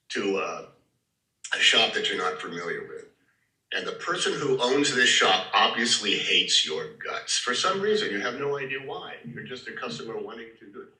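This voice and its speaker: A man teaching an acting class to a live audience, talking directly to the students and often clearing his throat. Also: medium pitch, bright, forceful tone. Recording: roomy hall, far from the mic.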